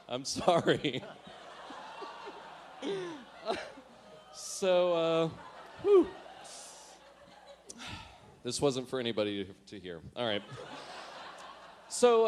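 A man's voice: fairly high pitch, slight background noise. Man reading his old diary, laughing. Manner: self-mocking, often laughing through lines; dramatic, mock-earnest delivery when reading entries. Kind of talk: comedic reading of diary entries with asides.

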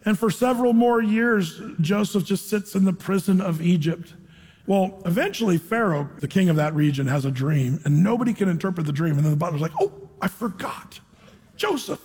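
Male pastor, dramatic casual storyteller, husky, long hall echo. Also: high-pitched, a little fast, darkish tone. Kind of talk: sermon, retelling a scripture story. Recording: echoey hall.

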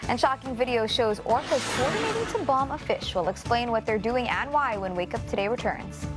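Woman, morning news anchor, friendly bright read, higher voice. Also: animated, a little fast, over loud music.

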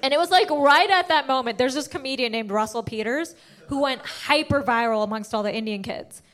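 A young woman doing a stand-up comedy set, telling a story with animated, excitable delivery and sudden high outbursts. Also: fairly quick.

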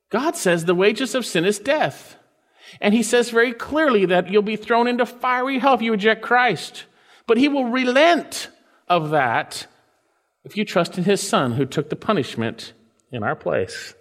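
A man preaching a sermon, reading scripture and explaining it earnestly, rising to loud emphatic peaks and dropping to hushed, slowed phrases. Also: a little high, animated. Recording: long hall reverb.

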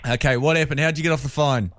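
A man's voice: fairly high pitch, quick pace, a bit bright, no echo, studio quality. A man hosting breakfast radio, joking. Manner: joking, chatty, talks with callers. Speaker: radio host. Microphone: studio mic.

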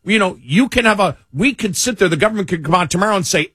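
A man's voice: sits high, lively intonation, fast talker, a bit bright, breathy edge, no room sound, studio quality. A man hosting political talk radio, scornful and emphatic, often repeating himself as he builds a point.

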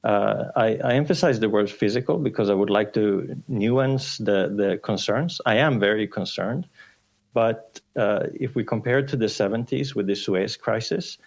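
A man's voice: fairly low pitch, normal speed, gravelly. A man answering interview questions as an economics professor, hesitant with many fillers, over a breaking-up remote line.

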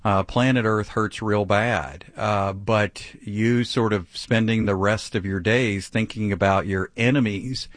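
A man's voice: fairly low pitch, fairly even intonation, unhurried, hardly any pauses, dry recording. A man hosting a live call-in radio show about faith, talking conversationally with frequent fillers. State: clearing his throat, choked up. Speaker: radio talk show host.

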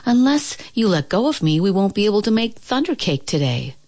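A woman's voice: medium pitch, big pitch swings, brisk, a little mellow, no echo, pitched above the performer's own voice. A woman voicing a kindly, reassuring old grandmother in a storybook read-aloud, with a soothing, folksy manner.

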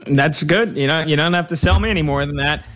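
A man's voice: fairly high pitch, fast talker, fairly bright tone. Breezy male radio sports host. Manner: breezy, plugging and joking. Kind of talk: casual radio sports talk.

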